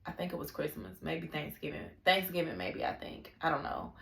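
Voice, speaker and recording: A woman's voice: low-pitched, fairly even intonation, normal speed, gravelly, fairly bright tone, roomy sound, a little hiss or hum. A young woman talking candidly in a casual personal vlog, confiding and full of slang and fillers. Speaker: vlogger.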